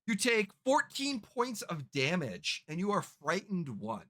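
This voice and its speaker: A game master who runs a tabletop game, narrating slowly and haltingly with lots of restarts. The pitch swings widely. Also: huge pitch swings, a bit bright. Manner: halting, with many fillers and restarts.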